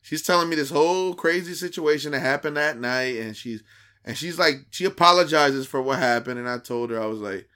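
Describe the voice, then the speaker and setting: A man co-hosting a podcast, telling a dating story in casual, profane slang and acting out the quoted dialogue with lively shifts. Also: fairly high pitch, a little fast. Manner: animated, acts out quoted dialogue; profane, slangy street talk.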